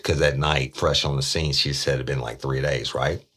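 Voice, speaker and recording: Very deep, husky man telling a story. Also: fairly even intonation, normal speed, fairly bright tone. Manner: blunt, plain-spoken, swears freely. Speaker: podcast host, former police detective. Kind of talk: casual true-crime storytelling.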